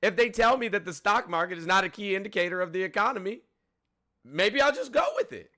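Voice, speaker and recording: Brief: male call-in host, higher pitch, very bright and forceful tone, blunt and profane. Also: expressive, brisk. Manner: blunt and profane, with frequent fillers. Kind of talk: casual political chat.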